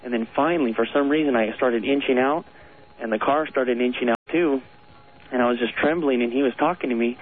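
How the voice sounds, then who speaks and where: Phoning in to a radio show, a man with a middle-pitched voice tells a long ghost story in an earnest, rambling way, punctuated by small nervous laughs. He talks a little fast, and the on-air phone line makes him sound thin and tinny.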